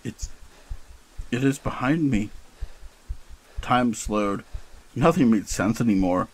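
A man's voice: medium pitch, lively intonation, slow pace, husky, poor audio. A man giving a dramatic, intense narration of a first-person horror story.

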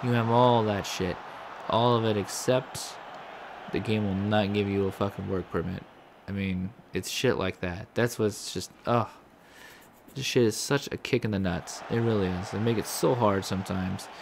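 Low-voiced man ranting over a game. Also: steady tone, normal speed, vocal fry, background noise. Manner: profane, frustrated ranting. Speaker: gaming commentator. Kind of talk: let's play commentary.

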